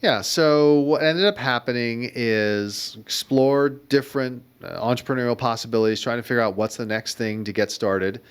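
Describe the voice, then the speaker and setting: A middle-aged guest entrepreneur looks back on his career during an interview, spinning wry, reflective tales in an easygoing way. He has a clean, mid-range voice and talks at a normal speed, rarely pausing.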